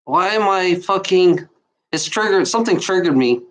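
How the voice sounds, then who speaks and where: A woman from Germany giving an emotional unscripted monologue, out of breath and talking in halting, restarting bursts. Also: on the low side, lively intonation. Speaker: channel host.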